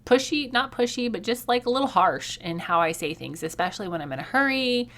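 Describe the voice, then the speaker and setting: A woman's voice: on the high side, expressive, a little fast, fairly bright tone. Chatty woman podcast host. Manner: chatty, candid, laughs often. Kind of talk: casual chat.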